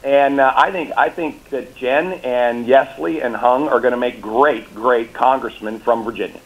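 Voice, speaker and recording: A man's voice: mid-range voice, normal speed. Confident male politician on a lo-fi line. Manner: confident, repetitive restarts, rally-style talking points. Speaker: governor, guest. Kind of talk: political interview by phone or remote.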